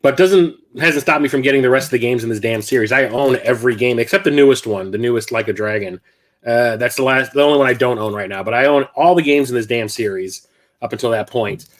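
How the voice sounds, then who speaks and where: Hosting a relaxed live stream at home in his apartment, this man talks quickly in a mid-range voice. He's breathless and meandering, often stopping to correct what he just said.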